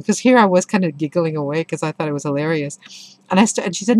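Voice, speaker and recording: A middle-aged woman with a notably low, deep voice reviews a book in a relaxed, conversational way. She tells stories expressively and with clear enthusiasm. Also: fast talker, no room sound. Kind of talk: casual spoken book review with anecdotes.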